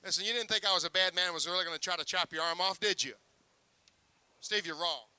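A man's voice: sits high, fast, pushed and bright, clear, resonant tone, dry recording. A man working as a sideshow magician, teasing a young volunteer with joking stage patter. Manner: joking, teasing showman banter.

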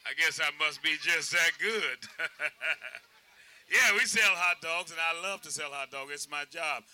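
A man's voice: a little high, unhurried, pushed and bright, no room sound. A man, a hot dog vendor, talking folksy about his trade and hollering his sales cry. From United States. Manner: hollering sing-song sales cry, playful.

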